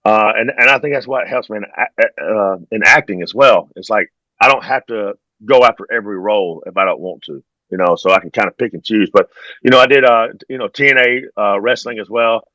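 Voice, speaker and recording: A middle-aged man, a podcast guest telling stories in a relaxed, drawling way and laughing along as he goes. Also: lowish voice, brisk, no room sound, rough recording. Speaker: podcast guest, former pro wrestler. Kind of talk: casual interview storytelling.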